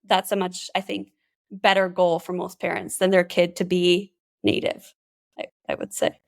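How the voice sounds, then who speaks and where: A woman's voice: lowish voice, level tone, moderate pace, gravelly. A woman from Canada, a bilingualism specialist, chatting as an interview guest with lots of "like" fillers and restarts. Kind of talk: casual interview chat.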